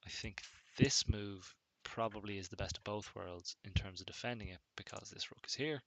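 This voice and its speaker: Low-voiced man thinking aloud over chess. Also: normal speed, dry recording. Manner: thinks aloud while playing, relaxed and musing. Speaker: chess streamer. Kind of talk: casual chess commentary.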